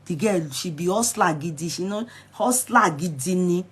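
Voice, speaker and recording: A Nigerian woman with a Yoruba accent giving animated, scolding commentary in a casual vlog. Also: fairly low pitch, normal speed, husky.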